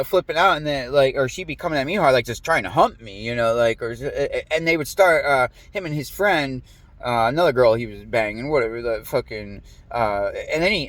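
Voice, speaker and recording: Profane rambling man telling a story. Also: mid-range voice. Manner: profane, animated, quotes people in raised voice. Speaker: podcast host.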